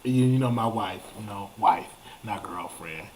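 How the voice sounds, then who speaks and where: A man, hosting a live call-in show in a chatty, animated way, repeating words for emphasis. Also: on the low side, a little hiss or hum. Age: 30s. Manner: animated, drawn-out exclamations and repetitions. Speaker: host. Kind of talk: casual live show monologue.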